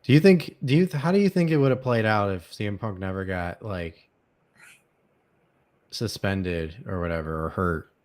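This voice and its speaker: A man's voice: lowish voice, moderate pace, a little mellow. A young man hosting a podcast in casual chat, rambling and opinionated, his voice cracking from a dry throat. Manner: rambling, opinionated, with many fillers and restarts. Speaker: podcast host.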